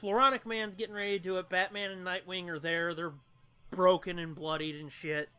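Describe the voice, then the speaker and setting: Bright-voiced, high, profane male podcaster. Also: little pitch movement, brisk, smooth. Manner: crude, profane, recaps plot with acted-out quotes. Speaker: podcast co-host. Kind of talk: casual movie review chat.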